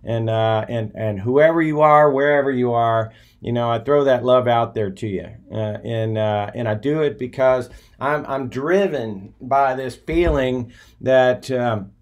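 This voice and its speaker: A man's voice: mid-range voice, a little slow, dull audio. Rambling older man speaking from the heart. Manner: rambling, full of uh and restarts; affectionate, folksy. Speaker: live-stream speaker. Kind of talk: heartfelt live-stream monologue.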